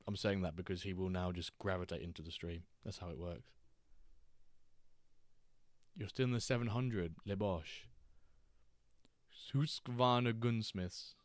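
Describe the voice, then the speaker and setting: A man's voice: sits low, steady tone, unhurried, long pauses, dry recording. A man hosting a live stream, chatting casually and joking as he reacts to chat and the games.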